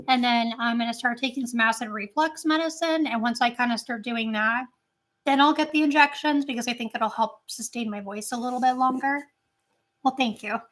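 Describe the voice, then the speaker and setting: Bright high-voiced woman, chatty and rambling. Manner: chatty, rambling with many fillers. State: voice strained, not great right now. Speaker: channel host. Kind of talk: casual chat.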